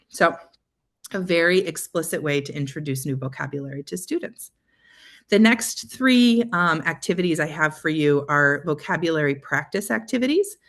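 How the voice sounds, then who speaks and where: A young adult woman, a literacy coach giving a webinar presentation to teachers, explaining steps patiently and clearly with frequent ums. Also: sits low.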